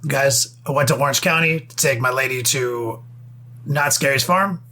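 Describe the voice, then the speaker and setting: A young man co-hosting a casual podcast, telling a story with lots of swearing and quick bursts of speech. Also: mid-range voice, bright, forceful tone. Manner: profane storytelling with fast bursts. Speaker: podcast co-host.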